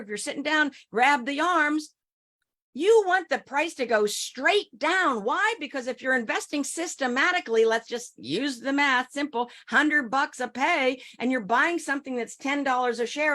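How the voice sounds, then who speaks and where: Middle-aged woman, ex-financial advisor, emphatic talk to a crowd, higher voice with a wide, lively pitch. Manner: emphatic, addresses listeners directly with rhetorical questions. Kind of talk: speaking to an audience, storytelling.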